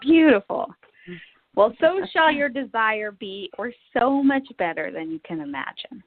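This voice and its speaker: A woman's voice: a little high, animated, unhurried, dry recording. A woman hosting a podcast interview, effusive and encouraging with the guest. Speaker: podcast host. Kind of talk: upbeat interview chat. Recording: tinny phone-line sound, faint noise.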